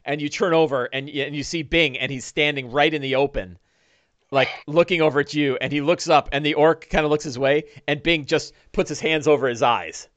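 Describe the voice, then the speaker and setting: Narrating a one-on-one tabletop session as dungeon master, a middle-aged man talks a little fast in a slightly high voice. He rambles easily with plenty of fillers and restarts, on a dry, muffled recording.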